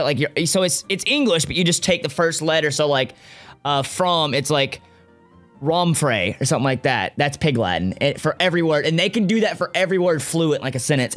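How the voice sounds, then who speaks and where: A young man co-hosting a casual gaming chat, telling rambling stories and laughing often. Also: medium pitch. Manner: animated, laughing, rambling storyteller. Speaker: co-host.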